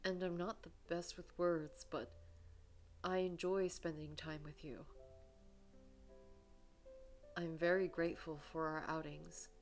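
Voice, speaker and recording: A woman reading the lines of a shy, gentle divorced man in a story game, speaking hesitantly with pauses and restarts. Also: fairly low pitch, flat delivery, soft background music, natural voice. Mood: tender. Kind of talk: reading game dialogue aloud.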